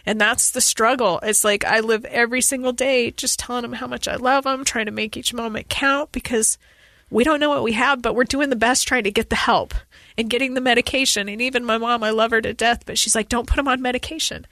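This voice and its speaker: A woman in her forties, a podcast guest, telling a painful family story in an earnest, urgent, fast-flowing way. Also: a little high, fairly even intonation, bright, forceful tone, dry recording. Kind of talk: emotional personal interview.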